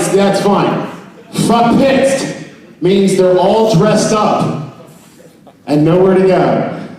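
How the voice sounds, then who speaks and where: A man's voice: high-pitched, dark tone. A man giving a joking mock seminar to a live audience at an expo, playfully getting the crowd to repeat words after him. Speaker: presenter at a trade expo. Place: large expo hall with an audience. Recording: echoey hall, voice picked up from far off.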